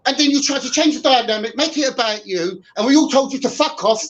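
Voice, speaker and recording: A man's voice: extremely high pitch, fast talker, fairly bright tone, lo-fi sound. A man hurling repeated insults in a streamed argument. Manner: insulting, repetitive, combative. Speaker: guest in a heated debate.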